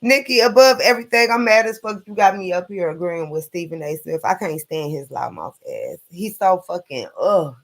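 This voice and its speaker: A man hosts a casual late-night live stream, talking bluntly and with plenty of profanity as he rambles from one opinion to the next. His voice sits a little high and has a gravelly, creaky edge. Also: sing-song, normal speed, hardly any pauses.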